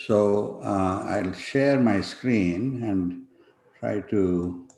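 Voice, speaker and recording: Slow, halting man on an echoey call. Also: fairly low pitch, gravelly, darkish tone. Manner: halting, many fillers and restarts. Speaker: conference panel speaker. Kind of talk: online conference talk with slides. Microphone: video call. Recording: echoey room.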